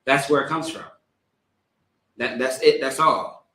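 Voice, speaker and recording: Bright-voiced man preaching in an echoey room. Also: medium pitch, animated. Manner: halting, stammering repeats while reading; casual, rambling preaching with fillers. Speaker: religious service leader. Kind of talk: sermon with scripture reading.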